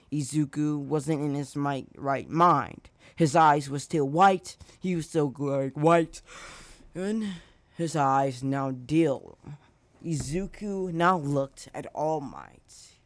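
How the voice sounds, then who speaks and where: A man's voice: on the high side, dry recording. A man hosting his channel and narrating a fan story casually, rambling with slips and self-corrections.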